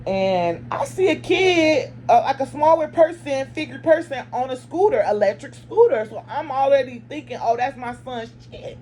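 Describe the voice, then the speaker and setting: Animated woman telling a profane story. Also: high-pitched, normal speed, few pauses, slight background noise. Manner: animated, emphatic, profane, addresses viewers as y'all. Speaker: storytime vlogger. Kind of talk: casual storytelling to viewers.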